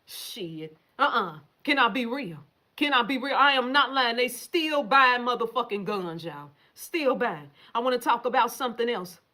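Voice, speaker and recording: A woman's voice: a little high, expressive, normal speed, bright, forceful tone. Profane, emphatic woman ranting on a livestream. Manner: profane, emphatic, talks straight to viewers. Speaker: livestream host reading viewer comments. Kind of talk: casual livestream rant.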